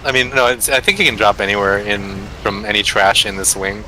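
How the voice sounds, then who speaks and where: A man's voice: lowish voice, fairly quick, sharp tone, rough recording. A man in casual gaming voice chat, talkative and explaining game details to his group.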